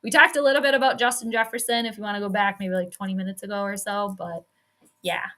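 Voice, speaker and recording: A sports astrology streamer chats casually on her live stream from a home workspace, laughing often and saying "like" a lot. Her medium-pitched voice is steady, fast, pushed and bright.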